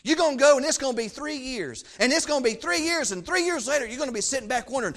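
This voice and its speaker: A man preaching a sermon, fervent and repetitive, swinging from low asides to loud emphatic peaks. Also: sing-song, rapid-fire, few pauses. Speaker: pastor.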